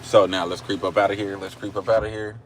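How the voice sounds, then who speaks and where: A man's voice: on the low side, little pitch movement, fast, noisy background. A man with an Oklahoma country accent, chatting casually and rambling on a livestream from his car, joking with his viewers. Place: in a car at a drive-thru. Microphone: phone camera.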